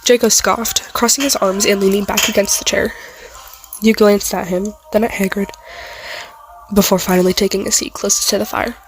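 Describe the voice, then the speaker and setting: A woman's voice: medium pitch, little pitch movement, moderate pace, slight background noise, poor audio. A woman reading a fan fiction story aloud in a casual way, now and then stumbling over words and apologizing.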